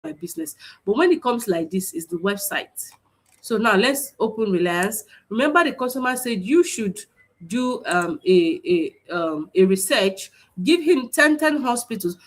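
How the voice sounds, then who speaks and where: Husky woman teaching a class. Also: mid-range voice. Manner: repetitive, stop-start explaining with many fillers. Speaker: online class instructor. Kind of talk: screen-share tutorial teaching. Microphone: computer mic on a video stream.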